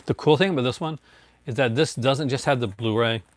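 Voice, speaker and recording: A man with a medium-pitched voice talks fairly quickly as he presents his discs to livestream viewers, greeting them by name and laughing often. His chat is loose and rambling, and there's slight background noise.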